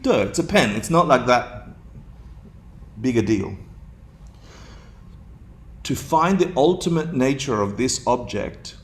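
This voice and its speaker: A man teaching a dharma class to a room of students, playful, laughing often and putting questions to them. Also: medium pitch.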